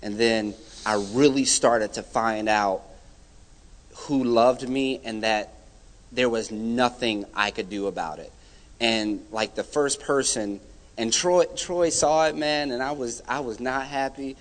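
Young man's animated testimony in a hall. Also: mid-range voice, slow pace. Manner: animated storytelling, acts out quoted friends. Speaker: church guest giving a testimony. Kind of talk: personal testimony. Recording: hall reverb.

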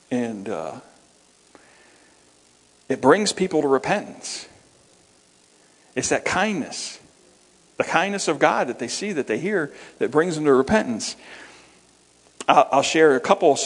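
Earnest male preacher in reverberant hall. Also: mid-range voice. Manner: earnest, repeats words and restarts often. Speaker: minister. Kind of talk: sermon storytelling.

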